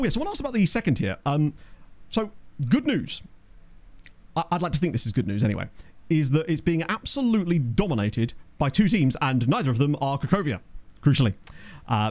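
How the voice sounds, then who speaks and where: A man hosts a let's play and talks quickly, pitch jumping around as he reacts to viewer questions and thinks out loud. He sounds casual and chatty, recorded on a desktop condenser mic in a home office. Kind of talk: casual gameplay commentary reading chat. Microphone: desktop USB condenser mic.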